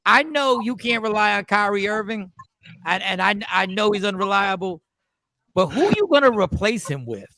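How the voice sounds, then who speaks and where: A man's voice: sits high, lively intonation, normal speed, sharp tone, no echo. A man in a casual sports debate, wry and rhetorical. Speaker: sports panelist.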